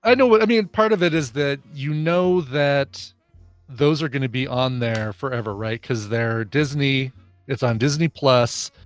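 A man co-hosting a podcast in casual movie chat, animated and laughing often as he retells scenes. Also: medium pitch, a little slow, faint music behind. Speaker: podcast co-host.

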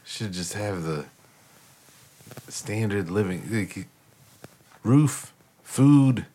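A man's voice: lowish voice, animated, very slow, warm tone, a little hiss or hum. A man co-hosting a casual podcast, laid-back, mostly giving short replies and offhand opinions. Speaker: podcast co-host. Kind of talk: casual chat.

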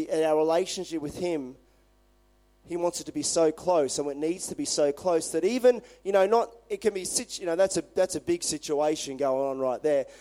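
Brief: male pastor, fairly high voice, conversational animated sermon delivery. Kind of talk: sermon with scripture reading.

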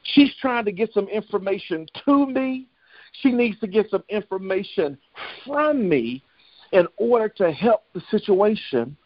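A man's voice: high-pitched, lively intonation, unhurried, dry recording, muffled recording. A man preaching on a prayer line, telling a story and building in rhythmic, repetitive cadences. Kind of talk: sermon with storytelling.

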